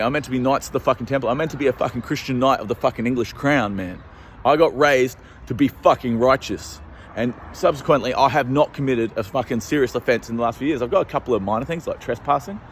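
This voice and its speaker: A man's voice: medium pitch, quick pace, a little hiss or hum. A young Australian man rambling and swearing constantly as he walks and vlogs outdoors on city streets into a handheld phone. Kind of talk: rambling walking vlog.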